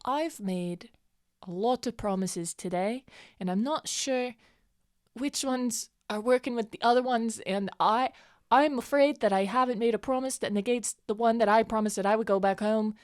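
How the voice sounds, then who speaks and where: A woman's voice: a little high, moderate pace, darkish tone, dry recording, studio quality, pitched above the performer's own voice, natural voice. A woman voicing an anxious, muddled young eladrin woman who rambles about her worries. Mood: worried. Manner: worried, rambling, slightly lifted voice.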